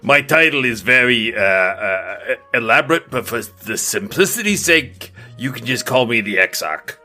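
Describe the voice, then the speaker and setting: A man's voice: mid-range voice, animated, normal speed, pushed and bright, faint music behind. A man playing a pompous, boastful male mage king who stammers when flustered, in an improvised tabletop game. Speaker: game master. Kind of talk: improvised tabletop role-play.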